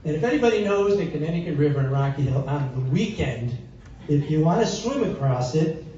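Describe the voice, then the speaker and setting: A man's voice: fairly high pitch, lively intonation, fairly quick, dark tone. Chatty man telling stories in an echoey hall. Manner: chatty, rambling anecdotes with fillers and audience asides. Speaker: historical society president and songwriter. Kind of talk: storytelling between songs at a live concert. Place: community hall with live audience. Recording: far-off, echoey, dull hall recording.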